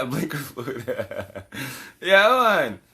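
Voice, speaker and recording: A man's voice: on the high side, sing-song, drawn-out words, pushed and bright. A man giving a casual, profane monologue as a channel host, ranting animatedly and laughing often.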